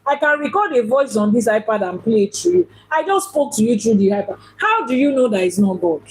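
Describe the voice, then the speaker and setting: A woman's voice: a little high, big pitch swings, brisk, husky, poor audio. A woman, a priestess and teacher, giving a teaching talk on religion. She asks questions, repeats points for emphasis and now and then mimics other people.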